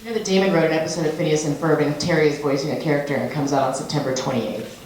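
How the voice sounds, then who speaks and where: A woman's voice: deep voice, fairly even intonation, rapid-fire. A woman moderating a convention panel Q&A, chatty and making joking asides. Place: large echoey convention hall. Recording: echoey hall with loud background noise.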